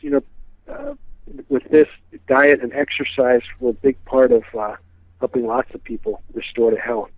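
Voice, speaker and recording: A man appears as a guest expert on a historical psychic, answering interview questions with casual, rambling stories full of "you know" and restarts. His medium-pitched voice comes through a tinny, dry phone line.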